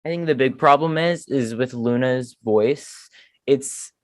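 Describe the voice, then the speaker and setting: A young woman with a breathy voice, co-hosting a fan show, chatting hesitantly and repeating herself. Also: a bass voice, unhurried, no room sound. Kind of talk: casual chat.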